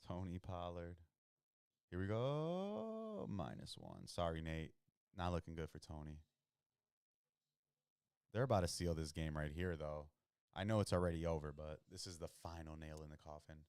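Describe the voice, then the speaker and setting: Young male host, very low voice, smooth and dry close-mic sound, casual slangy play-by-play reactions. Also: moderate pace, a little mellow, no echo. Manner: loose and slangy, reacting to plays. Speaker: podcast host watching football. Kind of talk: casual live-watch commentary.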